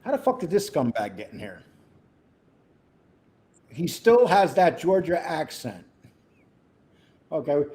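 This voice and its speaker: A man's voice: on the high side, very animated, slow pace, long pauses, mellow, husky. A man co-hosting a casual livestream chat, crude and rambling, joking with his partner. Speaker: co-host.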